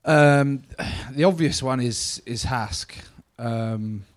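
A man's voice: medium pitch, extremely slow. A man appearing as a guest at a live show, telling stories in a wry, dry way with casual swearing. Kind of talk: casual chat. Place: crowded live-show venue.

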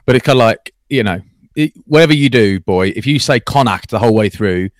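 A man co-hosting a casual podcast, chatty and teasing, telling stories with lively asides. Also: medium pitch, brisk, dry recording, studio quality. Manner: teasing, chatty, animated storyteller. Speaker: co-host, rugby commentator.

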